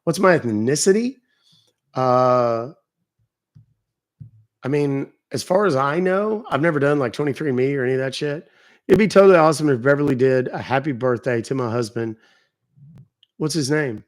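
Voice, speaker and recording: A man's voice: medium pitch, normal speed, pauses often. A man hosting a live stream, chatting casually and profanely with his audience and joking around. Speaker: livestream host.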